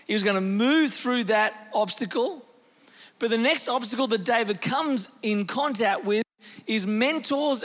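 A male pastor preaching a lively, animated sermon, with sudden shifts in pace and loudness as he tells a story. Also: high voice, long reverb tail.

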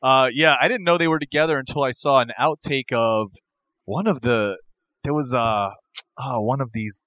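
A man hosting a casual wrestling podcast, rambling and animated, acting out quotes as he tells stories. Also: medium pitch, moderate pace, dry recording. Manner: rambling, animated storyteller who acts out quotes. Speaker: podcast host.

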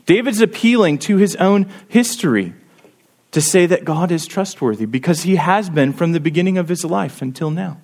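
A man's voice: sits high, expressive, normal speed, a little mellow. A man preaching a sermon, earnestly explaining a psalm and reading its verses aloud with rising emphasis.

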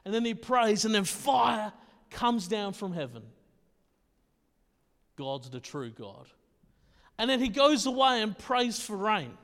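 A man's voice: sits high, very animated, slow, long pauses, a bit bright. Man preaching casual and chatty, keeps asking "right?", voice rings out in a big hall. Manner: casual, conversational, often checks in with "right?". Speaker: pastor. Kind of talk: sermon. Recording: long reverb in a hall.

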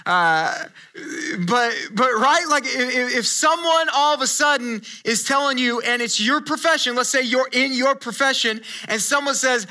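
High, bright-voiced male pastor preaching. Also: normal speed. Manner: conversational, animated storytelling with many restarts. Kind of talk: sermon.

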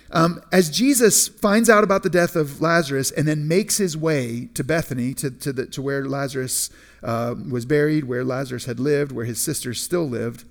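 A pastor delivers a sermon in a conversational style, often restarting and repeating words and slowing down to stress key phrases. His voice is on the high side.

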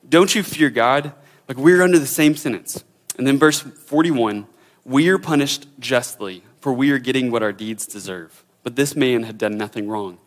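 A young man teaching a Bible passage in a casual, informal way, full of fillers and restarts. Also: fairly high pitch.

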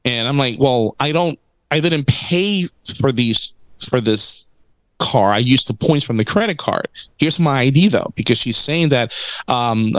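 A man's voice: fairly high pitch, no echo. A man chatting casually, telling a story and acting out the other people in it. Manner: animated storyteller, acts out quotes. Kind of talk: casual chat.

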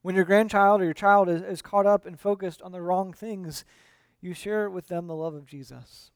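A man preaching a sermon as a pastor, earnest and emphatic, letting his voice fall quiet and low at the ends of phrases. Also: steady tone, normal speed, clean tone, no room sound.

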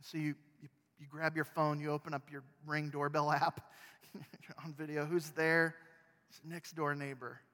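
In a large hall, a male pastor with a fairly high-pitched voice delivers a sermon at a normal pace. He preaches in an animated, conversational storytelling way.

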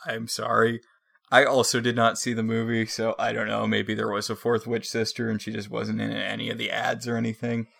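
A man co-hosting a casual podcast chat, deadpan and rambling through jokes. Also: on the low side, brisk, gravelly. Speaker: podcast co-host.

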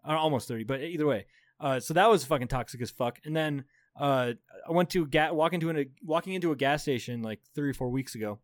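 A fast-talking man of about thirty with a fairly high voice co-hosts a podcast. In relaxed chat he tells animated, profane stories broken up by frequent laughter, captured in studio quality with no echo.

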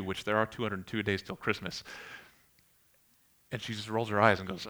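Bright-voiced male preacher, earnest sermon. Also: on the low side, flat delivery, a little fast, pauses often. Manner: earnest, builds emphasis on key phrases; tells homely anecdotes in the sermon. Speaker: pastor.

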